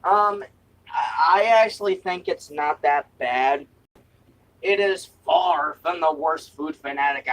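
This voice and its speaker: A man's voice: fairly high pitch, a bit bright, breathy edge, distant mic, poor audio. A young man doing a casual taste-test vlog at home, joking, giggling and swearing freely as he reviews snacks. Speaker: food review vlogger. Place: room at home with window open.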